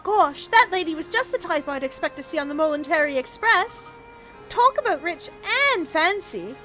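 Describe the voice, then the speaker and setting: A woman's voice: sits high, lively intonation, normal speed, sharp tone, soft background music, voice pushed up. A woman voicing an eager, cheerful young boy apprentice who exclaims often.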